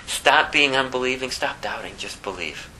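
A man voicing a gentle, calm teacher in a soft, hushed, reassuring voice, lower than his own. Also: normal speed, a little hiss or hum, rough recording.

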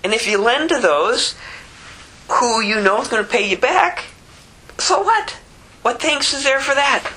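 A woman preaching a sermon with emphatic rhetorical questions and wide swings in pitch. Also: animated, normal speed, pushed and bright, low-quality recording.

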